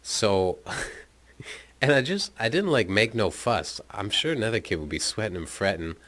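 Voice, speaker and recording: Young guy, low voice, swearing and laughing thru a loose story. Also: expressive, moderate pace, fairly bright tone. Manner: rambling, profane, laughs often. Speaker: podcast host telling his life story. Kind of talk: casual storytelling monologue.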